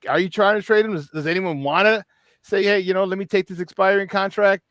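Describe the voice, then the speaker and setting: A man hosts a sports talk radio show, excitable and rambling, stumbling over repeated words. His voice sits a little high for a man. The sound is dry and close to the mic. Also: brisk, no room sound.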